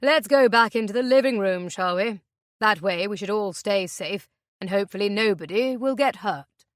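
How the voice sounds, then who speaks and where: A woman's voice: medium pitch, moderate pace, no room sound, clean studio sound, natural voice. A woman reading an audiobook, voicing a menacing middle-aged man who mocks and threatens his captives. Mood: sinister. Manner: sinister, mocking, shouting.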